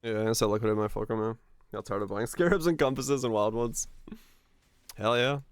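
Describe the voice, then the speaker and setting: A man with a neutral American broadcaster-like accent, livestreaming and chatting casually in a relaxed, rambling way. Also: fairly low pitch, a little fast, clean tone, dry recording. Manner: relaxed, rambling, many fillers. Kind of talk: casual chat while gaming.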